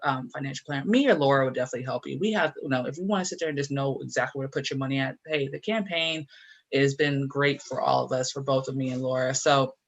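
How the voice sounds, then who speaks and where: An animated man co-hosting a casual talk show, with a mid-pitched voice. He talks in loose, repetitive runs and urges his listeners on like a preacher. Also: quick pace, lo-fi sound. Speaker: podcast co-host. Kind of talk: casual chat.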